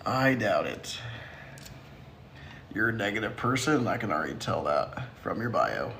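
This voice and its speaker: A man's voice: lowish voice, very animated, quick pace, creaky, sharp tone, slight background noise. A man hosting a casual livestream who answers viewer comments in a sassy, teasing way and laughs often. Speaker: livestream host.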